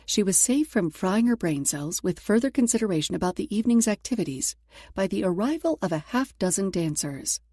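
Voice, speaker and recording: A woman narrates a romance audiobook in a steady, even delivery. Her voice is mellow and warm, recorded close and dry with no room sound. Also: mid-range voice, fairly quick, no room sound. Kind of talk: scripted narration.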